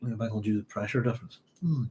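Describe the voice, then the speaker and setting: Hosting a casual live-stream chat, a man reads out viewer comments in a rambling, hesitant way. His voice is on the low side and fast, with background noise in the recording.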